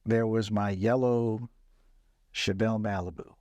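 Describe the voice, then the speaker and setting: An older man with a low voice tells stories from his touring days, relaxed and laughing as he goes. The sound is dry and close to the mic, with no room around it. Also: a little slow, dry recording. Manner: relaxed, laughing storyteller, acts out quoted voices. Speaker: musician recalling stories, podcast guest. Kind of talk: casual storytelling chat.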